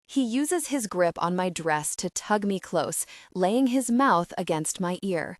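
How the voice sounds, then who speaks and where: A woman narrating a first-person romance audiobook, flustered and breathy in tone. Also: lowish voice, expressive, unhurried, hardly any pauses, no echo, clean studio sound.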